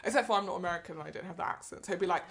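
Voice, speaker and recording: A woman, co-hosting a podcast in casual chat, animated and laughing often. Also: rapid-fire. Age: 30s. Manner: animated, laughs often, jumps into high excited bursts. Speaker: podcast co-host.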